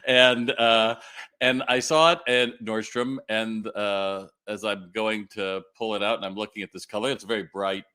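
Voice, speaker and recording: A man's voice: on the low side, steady tone, normal speed, pushed and bright, clear, resonant tone. A middle-aged man hosting a live retail Q&A, talking casually and animatedly, with lots of fillers and restarts. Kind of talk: casual livestream talk.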